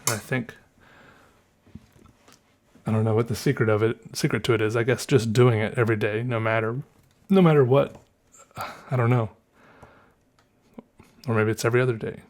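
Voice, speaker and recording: A man's voice: medium pitch, steady tone, moderate pace, long pauses, a little mellow. A man with a Southern American accent hosting a solo podcast, rambling and musing aloud, often correcting himself and chuckling. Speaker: podcast host. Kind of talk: casual solo podcast monologue.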